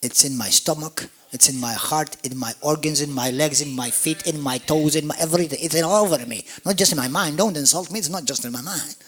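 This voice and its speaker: A man with a Maltese accent, preaching a lively, joking sermon as pastor at a church service, calling on the congregation to answer back. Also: fairly high pitch, fairly quick, few pauses, breathy edge. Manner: animated, jokey, call-and-response preaching.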